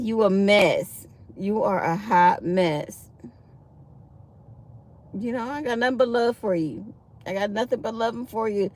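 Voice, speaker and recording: A middle-aged woman hosts a casual livestream from her phone, chatting freely with her viewers. Her voice is a little high and has a gravelly, creaky edge. She talks in a loose, friendly way and calls everyone y'all. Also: a little mellow. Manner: chatty, laughs hard, addresses viewers as y'all. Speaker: livestream host.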